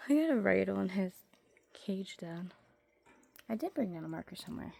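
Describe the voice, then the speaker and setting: A woman chatting casually in a home basement as she shows her pet tarantulas. She rambles, trails off mid-sentence and coos softly at her animals. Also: mid-range voice, expressive, moderate pace, gravelly. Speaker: pet keeper showing her tarantulas and fish. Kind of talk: casual vlog chat.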